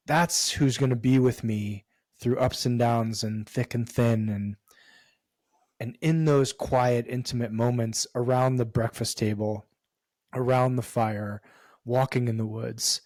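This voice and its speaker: A man speaking with earnest emphasis and now and then a blunt curse, a guest in a candid interview. His voice sits at an ordinary middle pitch. The sound is dry and close, with no room echo. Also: fairly even intonation, measured pace, a little mellow. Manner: earnest and emphatic, with casual swearing. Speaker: podcast guest.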